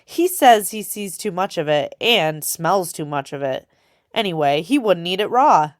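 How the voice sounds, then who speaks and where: A woman voicing a spirited, quick-witted young girl who chatters and pushes back boldly. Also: fairly low pitch, lively intonation, no echo, studio quality. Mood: chattering. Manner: chattering, then defiant and tearful.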